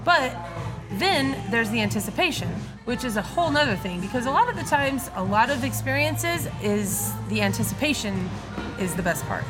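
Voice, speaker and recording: A woman co-hosting a casual chat, playful and often pausing to search for words. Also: a little high, expressive, music in the background. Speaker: podcast co-host.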